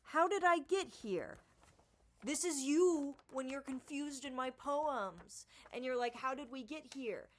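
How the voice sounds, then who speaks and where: Theatrical ranting woman with a higher voice. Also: a little slow. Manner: theatrical, swings between loud outbursts and low mutters; profane and sarcastic. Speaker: vlogger. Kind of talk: ranting monologue to camera.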